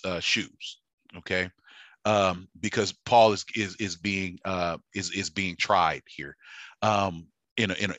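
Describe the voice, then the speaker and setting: A man preaching a sermon, halting with fillers and restarts, building to fervent emphasis. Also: on the low side, pushed and bright, dry recording.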